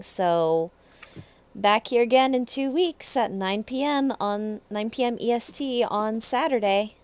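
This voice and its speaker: A woman hosting a tabletop game stream, wrapping up with relaxed, easygoing announcements. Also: fairly high pitch, clear, resonant tone, no echo. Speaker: stream host. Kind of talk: casual sign-off chat.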